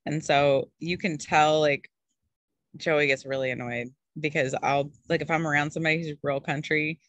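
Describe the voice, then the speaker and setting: A woman's voice: sits low, steady tone, normal speed, a bit bright, no echo, lo-fi sound. A woman from Maryland, a food coach, chatting casually and encouragingly on a video call.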